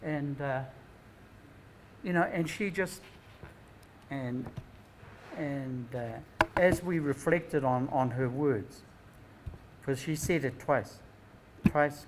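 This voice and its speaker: Speaking slowly and pausing often in a mid-range voice, an older man with a New Zealand accent shares rambling, reflective family stories at a Māori knowledge gathering, often adding "eh?". The background is noisy.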